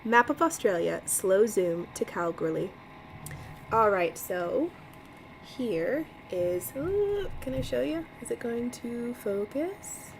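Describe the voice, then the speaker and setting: A woman's voice: a little high, big pitch swings, slow, gravelly, a little hiss or hum, rough recording. A woman reading a mystery novel aloud on a livestream, chatty, laughing often and breaking off to comment. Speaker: livestream book reader. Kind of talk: casual read-aloud livestream.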